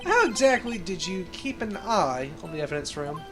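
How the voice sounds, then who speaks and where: A woman's voice: lowish voice, big pitch swings, moderate pace. Woman voicing a young game defense lawyer, pointed and questioning, music underneath. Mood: probing. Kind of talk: fan voice-acting of a game.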